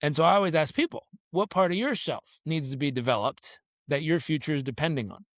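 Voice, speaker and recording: A man tells his story as a podcast guest, his voice sitting a little high. He is animated and acts out the people in his stories. The sound is dry and close, with no room around it. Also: a little fast, no echo.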